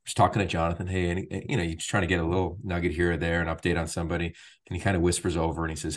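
A man who calls games on TV, telling an animated behind-the-scenes story on a sports talk show. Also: sits low, very fast. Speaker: sports play-by-play broadcaster.

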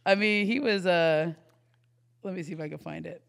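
A woman's voice: fairly low pitch, moderate pace, vocal fry. A woman on a casual podcast, a basketball reporter guest telling stories. She acts out the quotes and laughs often.

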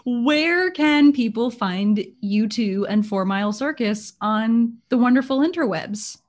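A woman's voice: fairly high pitch, lively intonation, measured pace. A woman hosting a casual podcast interview, light and laughing as she asks her questions. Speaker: podcast host.

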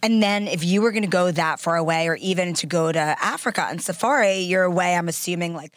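A woman's voice: lowish voice, fast, no echo, studio quality. A woman hosting a podcast in casual chat, gushing and chatty, full of fillers. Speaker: podcast host.

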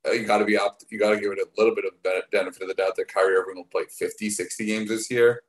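Low-voiced man rambling about sports. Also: little pitch movement, poor audio. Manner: rambling, halting, many fillers and restarts. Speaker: podcast co-host. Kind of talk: casual sports talk.

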